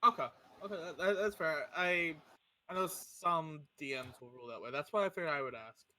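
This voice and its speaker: Eager, bright-voiced young male player. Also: a little high, dry recording. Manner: eager, jokey, quick questions. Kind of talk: playing a tabletop game over voice chat.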